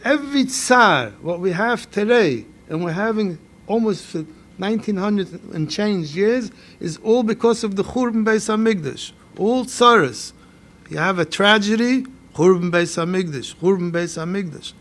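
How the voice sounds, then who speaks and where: A man's voice: sits high, lively intonation, moderate pace, a bit bright. A man with a Yeshivish American accent giving a Torah lecture as a rabbi, mixing Hebrew and Yiddish phrases into his English as he reads texts and questions them. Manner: questioning, builds up a puzzle.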